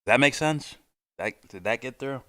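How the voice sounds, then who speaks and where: A man's voice: mid-range voice, moderate pace, a bit bright, no room sound, studio quality. A man hosting a casual reaction livestream, reading chat and arguing his points in a rambling way. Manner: rambling, argumentative, reads chat aloud. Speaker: livestream host.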